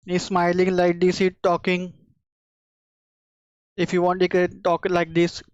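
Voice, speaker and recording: A woman's voice: on the low side, monotone, a little slow, a little mellow, clear, resonant tone, dry recording. A woman hosting a 3D modeling channel, walking through her work in a casual tutorial, speaking in simple phrases with hesitant fillers. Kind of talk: casual screen-recorded tutorial walkthrough. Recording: dull, slightly lo-fi dry sound.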